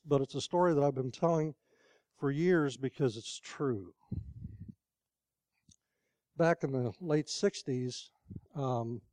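A man's voice: medium pitch, a little mellow, no echo. An older man preaching a sermon in a conversational storytelling way, asking the congregation questions.

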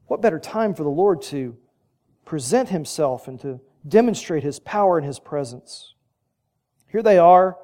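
A man's voice: sits high, a little mellow. A man preaching a sermon, telling the story vividly and building to emphatic peaks.

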